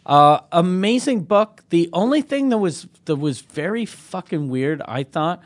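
Laid-back male co-host, slightly high voice. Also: measured pace. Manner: relaxed, laughs often, profane. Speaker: podcast co-host. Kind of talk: casual chat.

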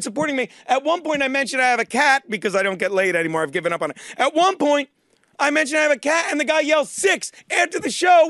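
High-voiced man telling crude stories. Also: sharp tone, no echo, clean studio sound. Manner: rambling, profane, jokey storytelling. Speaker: radio show host. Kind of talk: crude comedy radio talk.

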